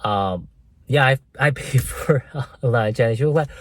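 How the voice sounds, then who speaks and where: A young Korean man, a native Korean speaker, tells stories in a casual vlog. He speaks slowly and hesitantly in a mid-range voice on a dry recording, filling his talk with fillers and "right?" tags.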